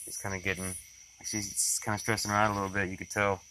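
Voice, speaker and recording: A young man talks casually to camera in a daily vlog, rambling and reflective, full of fillers and restarts. His voice sits very low yet sounds bright and forceful. Faint noise hums in the background. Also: flat delivery, fast talker, poor audio. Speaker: vlogger, father. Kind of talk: casual daily video diary.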